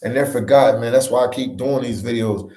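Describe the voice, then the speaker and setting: A travel vlogger from Philadelphia, Pennsylvania chats casually on a livestream, reading viewer comments aloud and reacting to them. His mid-range voice is brisk with a dark tone, recorded in an echoey office room.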